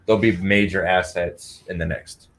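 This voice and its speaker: A man on a talk show as a guest, telling a rambling story with many pauses and ums. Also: deep voice, fairly even intonation, fairly bright tone. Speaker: guest, paranormal team member. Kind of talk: casual chat.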